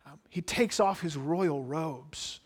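A man preaching a sermon, reading scripture aloud and then explaining it earnestly, sometimes dropping to a hushed aside. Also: fairly high pitch, slow pace, slightly rough.

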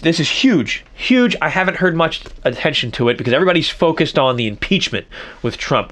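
With a medium-pitched, slightly bright voice, a middle-aged podcaster delivers a casual solo monologue. He wanders and reflects on himself, frequently starting sentences over.

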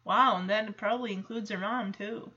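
A woman's voice: medium pitch, fairly even intonation, moderate pace, pushed and bright, dull audio. A young woman recapping a TV episode in a casual, gushing, enthusiastic way. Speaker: show recap vlogger.

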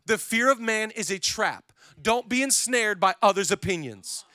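High, bright male preacher, lively and chatty, dry close sound. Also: normal speed, no echo. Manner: energetic, conversational storytelling. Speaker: pastor. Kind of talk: sermon.

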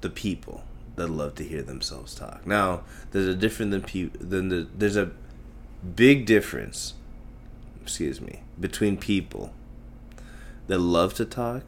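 Man, deep voice, from Tamil Nadu, podcast host, solo rant, blunt, heavy swearing, emphatic repeats. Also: expressive, a little slow, a little hiss or hum. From Tamil Nadu, India. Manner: profane, blunt ranting; self-mocking, emphatic repetition.

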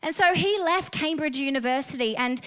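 A woman's voice: sits high, moderate pace, fairly bright tone. A woman with an Australian accent preaching a sermon, earnest and storytelling, rising to fervent emphasis.

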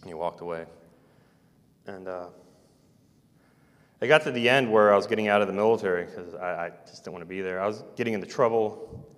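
A man telling a personal story in a casual, halting, meandering way. He sounds like an interviewee recalling his military days. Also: low-pitched. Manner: halting, meandering, soft-spoken. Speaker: interviewee recounting military experiences. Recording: long hall reverb.

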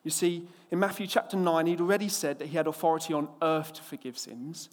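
A man preaching a sermon from England, opening with a lively anecdote in which he acts out the characters before turning to scripture. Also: fairly high pitch, a little fast, in a large hall.

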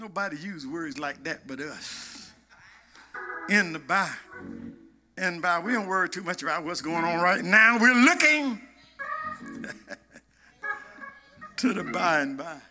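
A man a gospel sermon, shouting and half-singing his lines in a call-and-response cadence. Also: high voice, animated, a little slow, long pauses, faint music behind. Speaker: preacher.

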